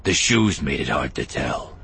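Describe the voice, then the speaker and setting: Storybook alien detective, male, suspicious and blunt, very deep and deliberate, read by a male narrator. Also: creaky, slight background noise, full character voice. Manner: slow, flat, accusing delivery.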